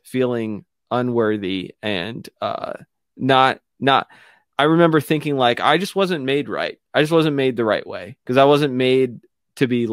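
A man speaks slowly and haltingly as a radio show guest, full of fillers and restarts as he shares something painful. His voice sits at an ordinary middle pitch. The sound is close and dry, as from a studio mic. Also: dry recording. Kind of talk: candid personal story on a talk show.

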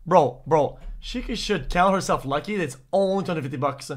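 A man streaming his reactions to clips, his voice sitting fairly high. He talks bluntly, swears freely and keeps saying "bro" and "dude". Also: fairly quick. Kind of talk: casual reaction commentary.

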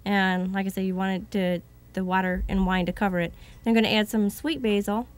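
A woman's voice: medium pitch, fairly even intonation, a little fast. A woman demonstrating a recipe on a TV cooking segment, explaining each step plainly with occasional light laughs. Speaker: guest cook.

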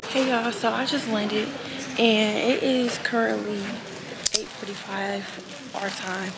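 A woman's voice: mid-range voice, steady tone, takes it slowly, loud music behind the voice. A young woman chatting casually to her viewers. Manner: chatty, slangy, talks straight to viewers. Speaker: vlogger. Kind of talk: casual vlog chat.

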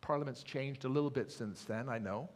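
A man preaching a sermon as pastor, earnest and measured, trailing softly at phrase ends. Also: mid-range voice. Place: church sanctuary. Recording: echoey church hall.

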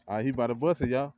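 Man, casual vlogger, excitable, laughs often, outdoors, slightly dull phone recording. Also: mid-range voice. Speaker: vlogger and kennel owner. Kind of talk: casual hype commentary. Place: outdoor backyard by a grill.

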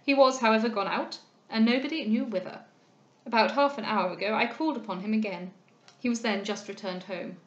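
A woman voicing a courteous, formal gentleman from a period novel, measured and polite. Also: fairly high pitch, highs cut off, lightly acted. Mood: earnest. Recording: roomy echo.

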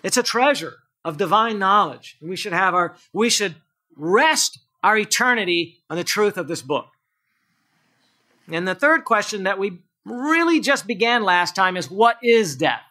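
High-voiced, bright preaching man. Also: very animated, measured pace. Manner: preaching with rhetorical questions to the congregation; shifts between emphatic high delivery and low quiet asides. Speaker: pastor. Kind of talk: sermon.

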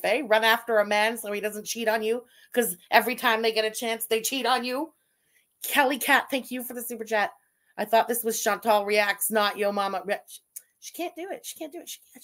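Canadian woman streamer, kinda high voice, blunt n sarcastic, swears a lot. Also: a bit bright. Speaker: streamer host reading super chats. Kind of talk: casual commentary stream.

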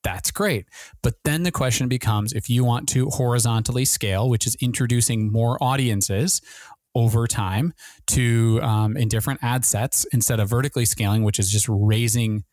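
A man hosting a marketing podcast, talking very fast with many restarts and fillers. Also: mid-range voice, darkish tone, dry recording. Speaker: podcast host and ad consultant.

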